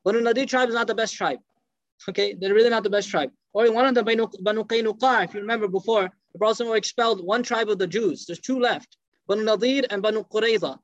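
A man teaching through animated storytelling, acting out the voices of the people in his story. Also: high voice, very fast, dry recording. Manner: animated storyteller, acts out quoted speech. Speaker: religious teacher. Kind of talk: storytelling lecture. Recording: dull lo-fi dry recording.

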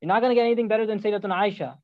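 A man preaching, retelling a story in an animated way with joking asides to the audience. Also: sits high, racing, dry recording, narrow, tinny audio. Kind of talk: sermon storytelling.

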